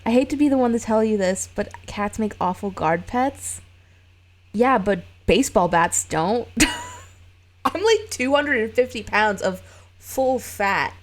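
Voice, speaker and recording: A woman gives casual reaction commentary to a horror film, blunt and openly expressive. Her voice sits a little high and swings widely in pitch. She groans and curses freely between remarks. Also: a little slow.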